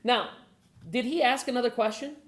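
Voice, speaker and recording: At a gun owners' meeting, a woman whose voice sits on the high side talks to the room at a moderate pace. Animated throughout, she dramatizes conversations and asks listeners questions.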